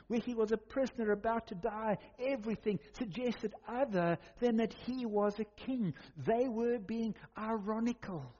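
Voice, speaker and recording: A man preaching a sermon, dramatic, with slow emphatic pauses. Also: high-pitched, warm tone, slight background noise. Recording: muffled sound in a reverberant hall.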